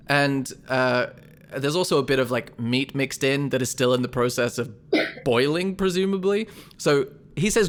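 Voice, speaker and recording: Man as game master for a tabletop game, casual, laughs a lot, mid-pitched. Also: measured pace. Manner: laughing often, loose and casual.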